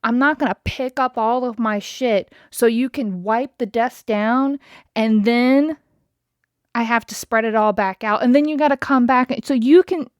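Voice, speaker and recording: A woman in her thirties hosts a podcast, telling a story as a casual rant full of profanity and exasperation, speaking directly to her listeners. Her voice sits on the high side and comes out smooth and unhurried. The recording is clean studio sound with no room noise.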